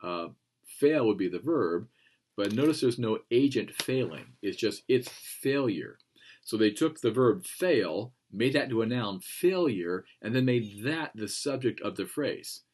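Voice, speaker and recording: Low-voiced man teaching writing. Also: expressive, a little slow, darkish tone. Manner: plain explanatory, many ums, reads passages aloud. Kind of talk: classroom lecture on writing.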